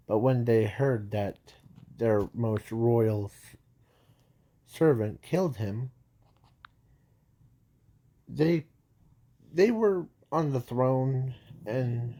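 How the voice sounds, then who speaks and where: A man's voice: medium pitch, expressive, warm tone. A man improvising a fan-fiction story aloud, stopping and restarting often and correcting himself as he goes. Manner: halting, many restarts and trailing words; says "sorry" to correct himself. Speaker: amateur storyteller.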